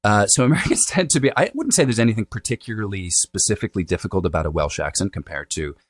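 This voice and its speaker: A man, a dialect coach, answering interview questions in a relaxed, explanatory way with many fillers. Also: lowish voice, quick pace, no room sound. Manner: thoughtful, explanatory, with frequent fillers.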